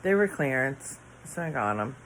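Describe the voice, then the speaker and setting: A woman's voice: rumbling low, very animated, moderate pace, a little hiss or hum, rough recording. A tired middle-aged woman rambling late at night in her bedroom, yawning and sighing as she trails off mid-thought. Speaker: vlogger. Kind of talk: casual late-night chat to camera.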